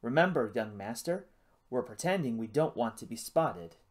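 A man's voice: medium pitch, lively intonation, normal speed, natural voice. A loyal, fatherly old servant from a storybook, as a man reading aloud puts him on. He sounds deferential and encouraging. His voice moves up and down a lot.

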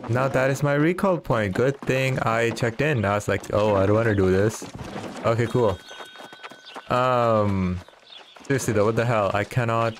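Man, gaming streamer, casual commentary, slow, laid-back. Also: fairly low pitch, slight background noise. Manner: laid-back, chatty, thinking aloud.

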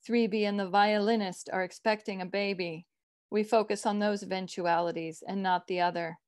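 A woman's voice: mid-range voice, steady tone, clear, resonant tone, dry recording, clean studio sound. Woman author reading her story. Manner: measured literary reading. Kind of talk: reading her own short fiction.

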